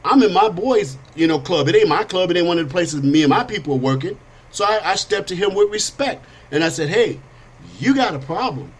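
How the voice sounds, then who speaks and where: This middle-aged Californian talk show host tells casual stories in a monologue, animatedly acting out sounds and quotes. His husky voice sits high and moves a little fast.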